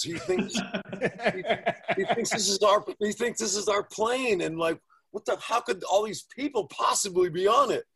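Casual man with a husky voice, profane and animated, spinning anecdotes. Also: high voice, normal speed. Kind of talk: casual chat.

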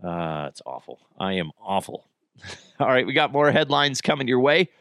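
A man's voice: mid-range voice, big pitch swings, moderate pace, a bit bright, no echo, clean studio sound. A man hosting a podcast in a casual, rambling monologue, joking and swearing as he talks. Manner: rambling, jokey, profane. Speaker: podcast host.

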